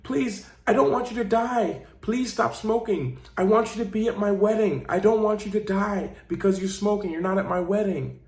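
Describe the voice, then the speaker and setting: A man voicing a small, frightened little girl who pleads with her father in high, sobbing cries. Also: moderate pace, few pauses, lightly acted. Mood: pleading. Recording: roomy echo.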